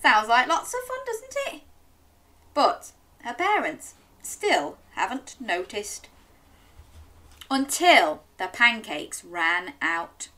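A woman's voice: on the high side, sing-song, slow pace, pauses often, sharp tone. A woman reading an interactive story aloud to young children, coaxing them to join in with sing-song questions.

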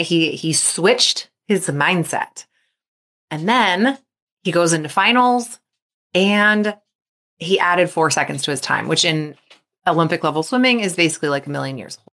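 Lively woman coach podcasting. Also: fairly low pitch, measured pace. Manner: lively storytelling, acting out athletes' inner voices. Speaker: mental performance coach and podcast host. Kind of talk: solo podcast talk.

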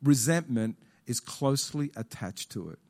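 Man, pastor, sermon, lively swooping pitch, repetitive rhetorical questions, auditorium. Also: moderate pace. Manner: animated preaching, repeating key phrases, questioning the congregation.

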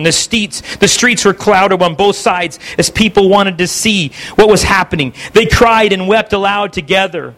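A man preaching a sermon, telling a martyr's story with earnest, halting delivery and then turning to scripture. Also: high-pitched, a bit bright. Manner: earnest, stumbles and restarts while telling.

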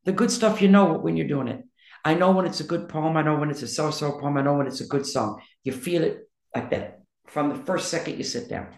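A woman answers interview questions in a blunt, emphatic, outspoken way. Her voice is rough and gravelly, with a clear fry to it. The room adds a noticeable echo around her. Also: low voice, fairly quick, darkish tone. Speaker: interview guest, poet and songwriter. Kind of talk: candid conversational interview.

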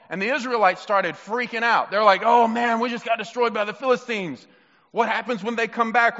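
A male pastor preaching a sermon in an animated, emphatic, conversational way. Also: high voice, in a large hall, dull audio.

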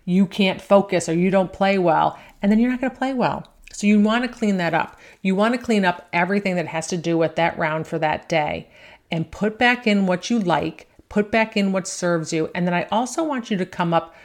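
A woman coaching golfers on their thinking, talking in a relaxed conversational way and often checking in with "right?". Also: lowish voice, moderate pace. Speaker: golf mental coach. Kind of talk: instructional talk.

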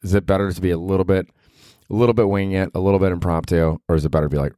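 Low-voiced man rambling on his podcast. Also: steady tone, rapid-fire, dark tone, dry recording, clean studio sound. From Cleveland, Ohio. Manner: rambling, self-deprecating, swears casually. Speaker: podcast host. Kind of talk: solo podcast monologue.

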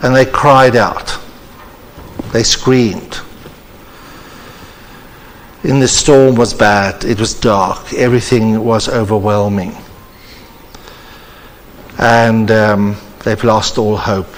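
A man delivering a sermon with earnest, measured preacherly emphasis at a conference. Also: on the low side, steady tone, slight background noise. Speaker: conference speaker. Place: church hall. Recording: reverberant church hall.

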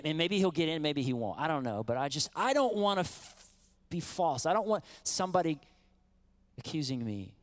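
A middle-aged man delivers a sermon from the pulpit in a slightly high voice. He preaches in an animated, conversational way, slipping into acted-out quotes and calling out to his congregation. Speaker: pastor.

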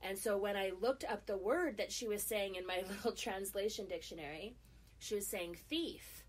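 A woman's voice: medium pitch, normal speed, breathy edge. Chatty middle-aged woman telling a story. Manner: lively, with frequent fillers and restarts. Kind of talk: casual spoken storytelling.

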